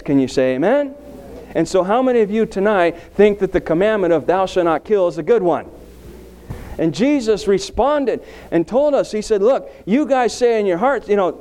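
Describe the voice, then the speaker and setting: A middle-aged man preaching a sermon, asking the congregation questions and telling a personal story. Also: high voice. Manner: animated preaching with anecdotes and audience questions. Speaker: pastor.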